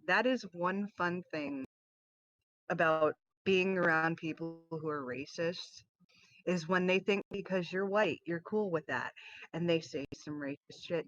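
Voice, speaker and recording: A woman hosting a casual panel discussion, blunt and quick to swear. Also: on the low side, dry recording. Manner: blunt, swears freely, animated when acting out scenes. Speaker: host. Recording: dull lo-fi dry sound.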